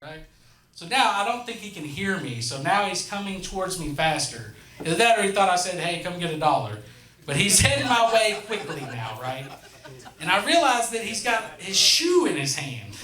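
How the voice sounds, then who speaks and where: In an echoey comedy club, a man in his thirties hosts stand-up, spinning profane, conversational tales and crowd asides into a handheld mic. His voice is high-pitched, pushed and bright, and the audience laughs in the background.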